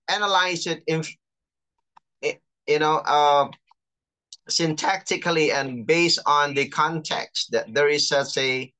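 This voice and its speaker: A chaplain teaching an online class, patiently explaining and reading out terms slowly over a video call. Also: medium pitch, pushed and bright. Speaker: chaplain and lecturer.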